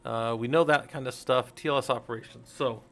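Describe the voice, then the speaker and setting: With a steady, fairly bright mid-range voice and a brisk pace, a middle-aged man runs a casual teaching stream. He tends to ramble, interrupt himself, and chuckle at his own jokes.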